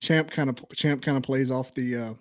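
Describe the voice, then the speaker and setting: A man's voice: medium pitch, steady tone, brisk. A man guesting on a casual podcast, joking, laughing and thinking aloud as he picks.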